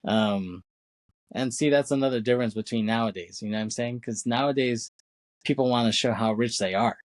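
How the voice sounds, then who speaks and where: A man's voice: mid-range voice, a little fast, no echo. A man co-hosting a podcast, retelling a film's scenes in a rambling casual way, with many fillers and acted-out quotes. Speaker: podcast co-host. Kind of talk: casual film recap chat.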